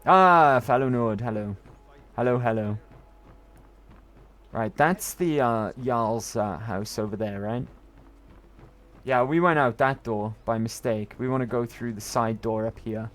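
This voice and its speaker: A man's voice: medium pitch, measured pace, pauses often. A man chatting and joking loosely while streaming a video game, rambling and swearing now and then. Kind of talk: casual gameplay commentary.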